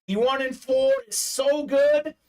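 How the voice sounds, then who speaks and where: A man hosting a live sports card break stream, excitedly hyping up buyers and reading chat messages aloud. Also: very high voice, unhurried. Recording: distant mic.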